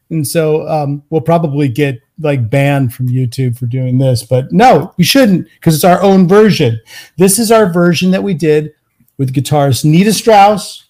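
A man hosting a live show as a guitar mentor, talking in a rambling, energetic way and laughing often. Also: on the high side. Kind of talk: casual live show chat.

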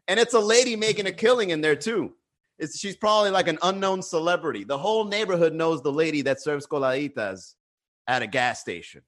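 A man's voice: fairly high pitch, fairly quick, fairly bright tone. A man chatting casually on a livestream, reading the chat and joking with a lot of profanity. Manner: profane, joking, laughs often.

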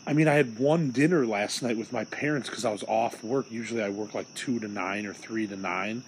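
A man's voice: on the low side, fairly quick, a little hiss or hum, low-quality recording. A young man from Illinois hosting a solo podcast, venting in a rambling, profane, agitated way. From Illinois, USA. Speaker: podcast host.

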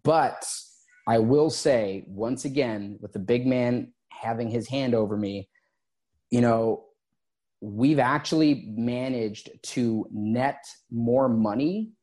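This interview guest, a former gym owner, talks slowly in a medium-pitched voice, telling his story casually. He stays relaxed and replays past conversations as quotes.

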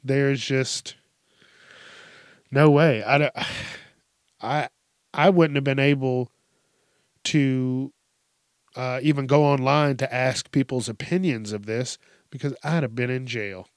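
A young man drawls through a casual commentary, cursing freely and breaking into laughter. His delivery is slow and unhurried, and his voice sounds dry and close to the mic, with no room echo. He vents in playful mock outrage. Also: medium pitch. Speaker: story commentator. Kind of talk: casual commentary on reader stories.

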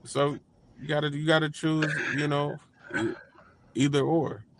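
A man co-hosting a casual podcast chat, thinking aloud in a relaxed way. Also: a little high, measured pace, background noise. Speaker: podcast co-host.

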